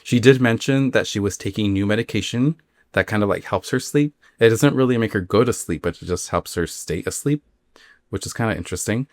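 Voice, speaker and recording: A man's voice: lowish voice, fairly quick, no echo, clean studio sound. A man hosting a spooky podcast, casually retelling a listener's dream story with rambling asides and many fillers. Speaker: podcast host.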